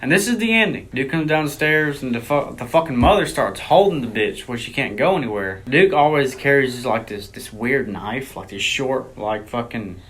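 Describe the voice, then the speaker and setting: A man's voice: mid-range voice, animated, normal speed, hardly any pauses, a bit bright. A man co-hosting a movie review in casual chat, speaking bluntly, swearing freely and cutting in to add plot details.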